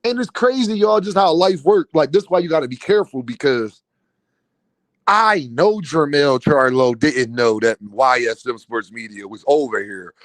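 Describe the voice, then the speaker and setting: A man's voice: on the high side, no echo. A man hosting a boxing live stream in casual, slangy talk, laughing often, mocking, and talking to his chat. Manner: laughs a lot, mocking, repeats a running catchphrase.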